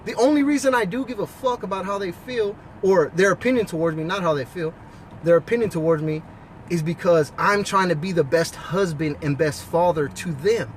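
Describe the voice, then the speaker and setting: A man with a notably high-pitched voice talks straight to the listener in a blunt, profane, preachy monologue. He speaks outdoors, with faint traffic noise humming behind him. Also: brisk. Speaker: husband and father giving life advice. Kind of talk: casual monologue to camera.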